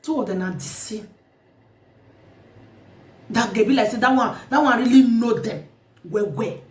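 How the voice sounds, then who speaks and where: A woman with a Nigerian Pidgin accent telling a story in a casual, animated vlog, outspoken and repeating words for emphasis. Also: fairly high pitch, a little slow. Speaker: vlogger. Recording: roomy sound from a distant mic.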